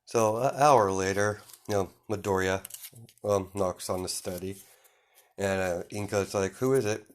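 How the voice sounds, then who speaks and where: A young man with a fairly low voice makes up a fan story as he goes. He wanders through it with constant fillers and little chuckles. The delivery is loose and unscripted. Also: fairly even intonation, a little slow. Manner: rambling, full of "you know" and "um", chuckling. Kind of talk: improvised fan fiction narration.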